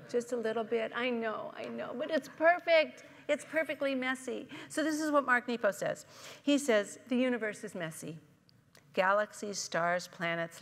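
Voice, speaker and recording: A woman's voice: lowish voice, gravelly, in a large hall. A woman minister giving a sermon, conversational, telling stories and asking the congregation questions. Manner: warm storytelling, conversational, asks the congregation questions. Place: church sanctuary.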